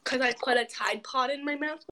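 A woman's voice: high voice, brisk, a crowd in the background. A young woman co-hosting a casual podcast with friends, rambling and giggly in a goofy way. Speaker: podcast co-host. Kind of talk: casual chat among friends.

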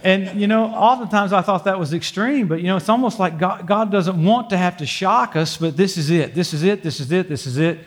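Folksy older male preacher, slightly high. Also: a little fast, few pauses. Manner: folksy, humorous storytelling with frequent praise interjections. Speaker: pastor. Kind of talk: sermon with prayer. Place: church sanctuary before a congregation.

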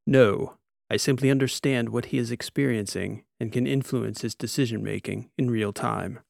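A man reading an audiobook, playing a calm, precise ship artificial intelligence. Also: mid-range voice, moderate pace, gravelly, no room sound, clean studio sound. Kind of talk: audiobook character voice.

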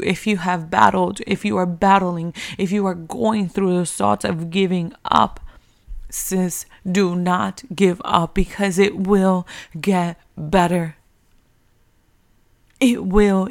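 A woman delivers a motivational faith talk aimed at mothers, pressing each point home through repetition like a preacher. Her voice sits mid-range with a gravelly, fry-laden edge that rises into firm, emphatic calls. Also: medium pitch. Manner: earnest, repetitive, preacher-like exhortation. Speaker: faith encourager for single moms.

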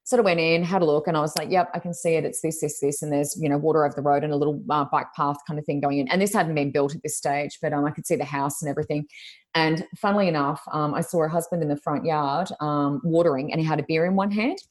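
This Australian woman has a low voice and talks in a chatty storytelling way. She slips into the voices of the people she quotes. It sounds like a video call. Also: fairly even intonation, quick pace. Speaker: intuitive reader guest. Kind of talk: casual storytelling.

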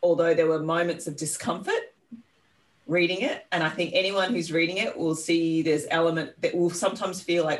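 A woman's voice: lowish voice, steady tone, normal speed. An Australian woman co-hosts a podcast, winding through long, admiring thoughts with stops and restarts. Her voice comes from a little away from the mic. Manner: rambling, warm praise with laughs and self-interruptions. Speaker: podcast co-host. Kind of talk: casual interview conversation. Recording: slightly distant mic.

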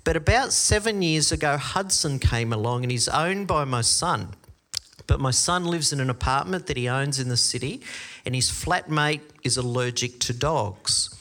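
A middle-aged Australian man preaching a sermon, telling stories with lively quoted voices. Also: medium pitch, moderate pace. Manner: storytelling, animated quoted voices. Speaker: pastor.

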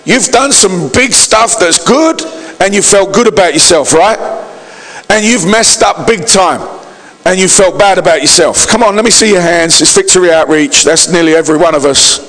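A male pastor with a high voice delivers a sermon, calling on the congregation to raise their hands and answer back. His voice rings with the long reverb of a large hall. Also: animated, normal speed, fairly bright tone. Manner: preachy, calls out to the congregation for responses.

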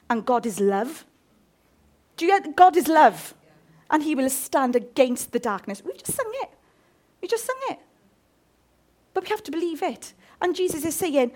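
A woman's voice: high voice, big pitch swings, normal speed, long pauses, a little mellow. A woman in her fifties preaching a sermon, impassioned and jokey.

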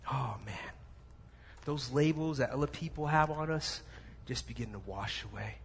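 A man preaching a sermon as a pastor, animated and dropping to soft, slow intensity, in a church sanctuary with echo and faint room noise. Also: medium pitch.

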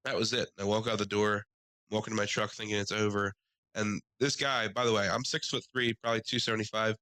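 Bright-voiced storytelling man. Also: fairly quick, no room sound, rough recording. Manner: animated, acts out quoted people in higher voices. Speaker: podcast co-host. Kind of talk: casual storytelling chat.

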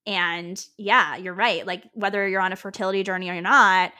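Bright, chatty woman podcast co-host. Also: medium pitch, fairly even intonation, moderate pace, smooth. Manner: chatty, many filler likes, laughs often. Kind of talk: casual podcast chat.

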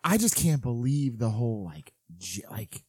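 A man co-hosting a podcast in casual chat, rambling with halting restarts. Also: mid-range voice, sing-song, a little mellow, slightly rough, no echo. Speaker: podcast co-host.

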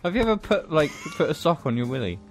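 Male podcast co-host, deadpan and blunt, animated pitch. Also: quick pace, soft background music. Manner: blunt, deadpan one-liners. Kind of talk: casual banter.

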